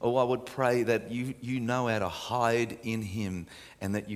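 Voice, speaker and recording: A man preaching a sermon, moving from emphatic, raised delivery down to soft, hushed near-whispers. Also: medium pitch, little pitch movement, a little slow, long reverb tail, a little hiss or hum. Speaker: pastor.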